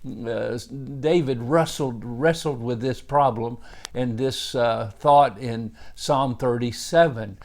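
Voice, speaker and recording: A man's voice: medium pitch, slow, darkish tone. A male pastor giving a devotional Bible teaching, earnest in tone, with rising emphasis on key words and frequent "uh" fillers.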